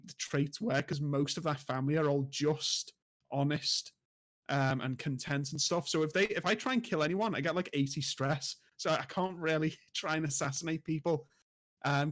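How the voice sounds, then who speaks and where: A man co-hosting a gaming podcast, telling a strategy game story with laughs and animated quoted lines. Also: on the high side. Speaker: podcast co-host and streamer. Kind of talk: casual gaming chat.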